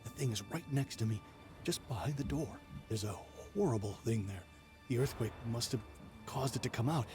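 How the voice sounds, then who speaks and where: An actor playing a hushed, panicking trapped man. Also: medium pitch, brisk, natural voice. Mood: panicked. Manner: subdued, quiet even when panicking. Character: frightened man trapped with a monster. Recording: game audio with loud music.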